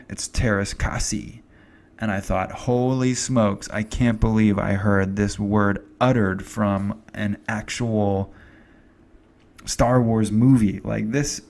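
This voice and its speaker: A man talks through a film review in a loose, rambling way, stopping for fillers and side notes. His voice sits low with a gravelly fry. It sounds like a casual recording made at home. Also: darkish tone. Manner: rambling, chatty, filler-heavy. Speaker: movie reviewer.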